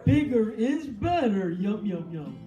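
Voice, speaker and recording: A woman voicing a hungry, hairy male troll who roars and gloats slowly over his meal, in a live storytelling show. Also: medium pitch, big pitch swings. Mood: menacing gloating. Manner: roaring, slow and gloating, with a chuckle. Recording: roomy store with loud guitar.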